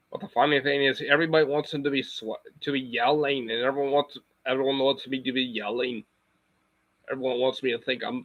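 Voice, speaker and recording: A man's voice: mid-range voice, fairly even intonation, a little fast, fairly bright tone, no room sound, low-quality recording. A man chatting casually on a live stream, rambling and circling back with frequent restarts. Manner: rambling, full of fillers and restarts.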